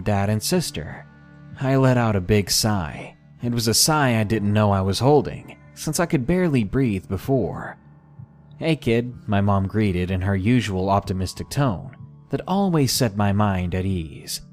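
A man narrating a scary first-person story for a podcast, measured and deliberate. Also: fairly low pitch, a little mellow. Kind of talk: scripted horror story narration.

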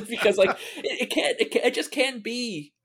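A man's voice: very high-pitched, fairly bright tone, husky. A man co-hosting a casual sports podcast, rambling with many fillers and restarts. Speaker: podcast co-host.

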